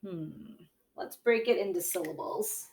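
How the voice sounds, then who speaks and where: A woman's voice: fairly low pitch, a little mellow, a little hiss or hum. A woman teacher giving a reading lesson to young children, patiently sounding out words and checking in with a frequent "okay?". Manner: sounds out words slowly syllable by syllable.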